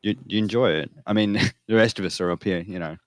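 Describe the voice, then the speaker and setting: A man's voice: lowish voice, a little fast, no room sound, clean studio sound. A man playing a tabletop game, chatting curiously in character. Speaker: player.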